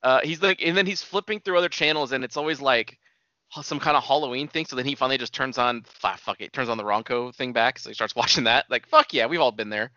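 Man, quick talker, bright tense tone, profane casual chat, lo-fi sound. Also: mid-range voice, no room sound. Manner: profane, quick agreeing interjections. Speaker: podcast co-host.

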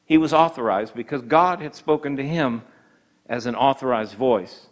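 A man preaching a sermon, slowing down for key points and briefly acting out the voices of tempters in an emphatic style. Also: medium pitch.

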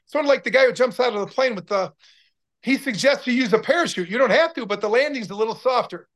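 Former athlete guest, sixties, male; energetic motivational storyteller, restarts a lot. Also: very high voice, fast. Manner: upbeat, motivational, rambling with restarts. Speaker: interview guest, former pro football player. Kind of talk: casual interview storytelling.

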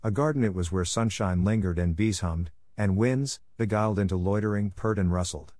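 A man reading a classic novel aloud in measured, expressive scripted narration. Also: lowish voice, no room sound. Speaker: audiobook reader.

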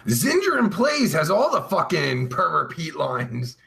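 A man's voice: on the high side, huge pitch swings, measured pace, gravelly, bright, forceful tone. A man hosting a talk show, reading chat aloud and trading crude, profane jokes with lots of mocking laughter. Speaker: podcast host reading live chat. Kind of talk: crude casual banter.

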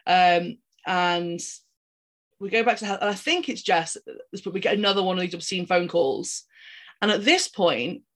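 A woman's voice: lowish voice, normal speed, fairly bright tone. A woman co-hosting a podcast, casually retelling a film's plot in a rambling way, with many ums and restarts. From outside the United States. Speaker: podcast co-host. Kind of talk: casual film-recap chat.

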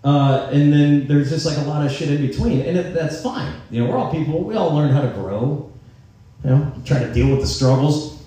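A man with a mellow, dark-toned voice rambles and jokes about himself, cursing freely in a casual podcast chat. He sits well back from the mic in a room with heavy echo, so his voice sounds distant and boomy. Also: expressive, brisk. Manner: profane, self-mocking, joking. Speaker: podcast host.

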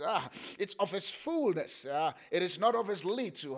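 A man preaching a sermon, swinging between loud calls and soft, low murmurs, with frequent "uh" fillers. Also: sing-song, a little slow, hardly any pauses. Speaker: pastor.

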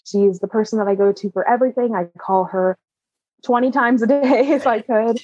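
A woman's voice: a little high, steady tone, fairly quick, darkish tone, husky, no room sound, lo-fi sound. A woman guest candidly telling a personal story, open and emotional, often laughing. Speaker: interview guest.

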